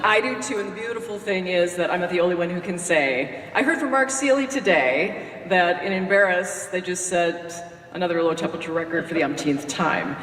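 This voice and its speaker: A woman's voice: on the low side, brisk, fairly bright tone, slight background noise. A woman who hosts a radio morning show gives a folksy, joking tribute speech at a podium in a lecture hall. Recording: echoey hall from far off.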